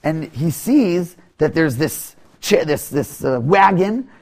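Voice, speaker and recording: A man telling a teaching story, often halting, repeating words and restarting. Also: fairly high pitch, lively intonation, a little mellow. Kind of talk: storytelling lesson.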